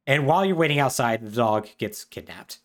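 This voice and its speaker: A man's voice: mid-range voice, animated, a little fast. A man co-hosting a podcast, recapping a game plot in a chatty, wry way with lots of fillers. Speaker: podcast co-host.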